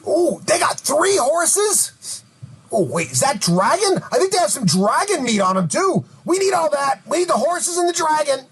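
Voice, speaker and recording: A man voicing a small, greedy, excitable male goblin eager for loot in a tabletop game. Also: very high voice, moderate pace, pitched above the performer's own voice, exaggerated voice.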